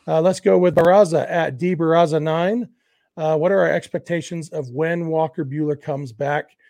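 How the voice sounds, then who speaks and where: A man's voice: on the high side, fairly even intonation, normal speed, creaky, darkish tone, no echo. A man in his forties hosting a sports podcast, talking in a chatty, conversational way with plenty of "uh" fillers. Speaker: podcast host. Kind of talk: casual podcast talk and read ads.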